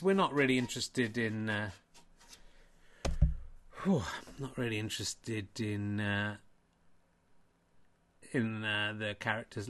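A man hosting and commentating on a comic snooker stream in a deadpan, rambling way. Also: medium pitch. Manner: deadpan, rambling, quick asides. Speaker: comedy host and snooker commentator.

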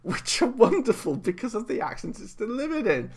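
A man's voice: high voice, wildly swooping pitch, normal speed, hardly any pauses, darkish tone. Opinionated man reviewing a film. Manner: opinionated, conversational, asks rhetorical questions. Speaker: podcast host. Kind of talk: solo film review podcast.

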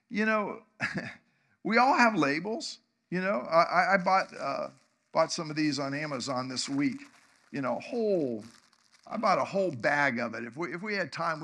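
A man's voice: high voice, pushed and bright. A man, preaching a conversational sermon, often asking the congregation questions and chuckling. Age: 60s. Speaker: pastor.

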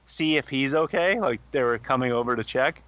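A man's voice: mid-range voice, a little fast, a bit bright, smooth, dry recording. A young man co-hosting a podcast, telling a rambling story full of swearing. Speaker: podcast co-host. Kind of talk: casual chat.

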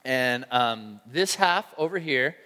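A man preaching a sermon to a congregation, telling a story with animated energy and acting out his own shouts. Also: mid-range voice, slow pace. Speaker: pastor. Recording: long hall reverb.

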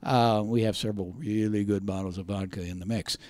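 A man's voice: lowish voice, steady tone, brisk, a little mellow, dry recording. A man talking casually as a guest, hesitant with many fillers and a joking streak. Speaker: arts center guest. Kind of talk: casual radio talk.

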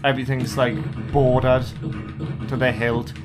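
A man's voice: mid-range voice, little pitch movement, a little slow, loud music behind the voice. A man co-hosting a podcast, speaking in a laid-back, dry and sweary way while playing retro games. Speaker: podcast co-host. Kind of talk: casual gaming chat.

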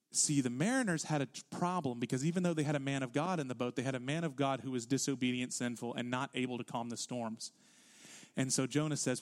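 A man's voice: mid-range voice, a little mellow. A man preaching a sermon as pastor, emphatic and conversational, often acting out quoted lines with casual asides to the congregation.

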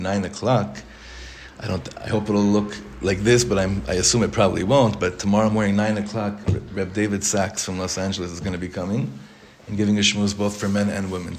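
A deep-voiced man, heard with slight background noise in an echoey synagogue study hall, gives his congregation an informal Torah class. As their rabbi, he talks in a conversational way, with restarts, joking asides and many Hebrew and Yiddish terms.

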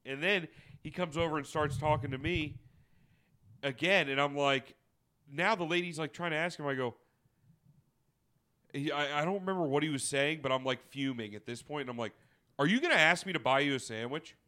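A man's voice: on the high side, moderate pace, long pauses, clean tone. A man telling a story in casual podcast chat, swearing freely and piling on fillers. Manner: profane, animated storytelling with lots of fillers.

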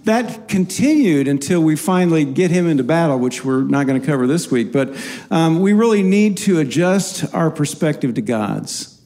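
A man's voice: on the high side, warm tone. A man co-hosting a faith talk, earnestly explaining a Bible story in a casual teaching style.

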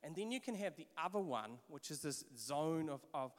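A man in his forties with a New Zealand accent, preaching a sermon and telling stories in an animated way, with repeated restarts. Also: on the high side, moderate pace. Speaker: pastor. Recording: long hall reverb.

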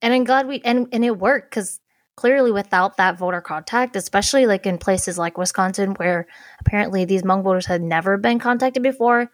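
A woman's voice: medium pitch, dry recording, clean studio sound. A young woman who volunteered on a campaign, chatting casually and rambling with lots of filler words. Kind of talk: casual chat.

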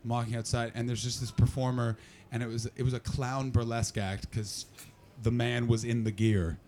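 Performing in a small cellar comedy club, a man with a mid-range voice talks at a moderate pace, and a little hiss or hum is audible. He teases the crowd and spins profane, animated stories with brash energy.

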